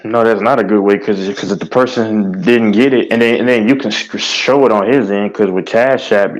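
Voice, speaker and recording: Low-voiced laid-back man. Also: fairly even intonation, fairly quick. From Texas. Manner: laid-back, stammers and restarts. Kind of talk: casual podcast chat. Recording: dull lo-fi recording.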